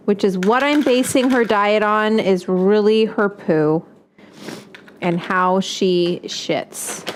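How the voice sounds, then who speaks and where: A woman's voice: medium pitch, a little hiss or hum. A woman hosting a home cooking show in casual chat. She swears freely, keeps breaking into coughing fits, and baby-talks to her dog in her kitchen.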